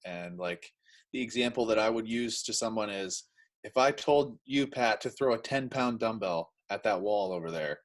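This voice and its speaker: Relaxed man explaining training drills. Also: on the low side, moderate pace, rough recording. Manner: relaxed, explains with everyday examples, many fillers. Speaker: athletic trainer demonstrating drills. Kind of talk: casual instructional chat.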